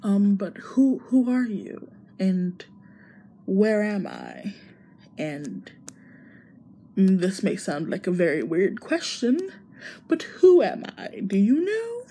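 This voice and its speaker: A woman voicing a confused young woman who has lost her memory, asking halting questions. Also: mid-range voice, lively intonation, warm tone, a little hiss or hum. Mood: bewildered.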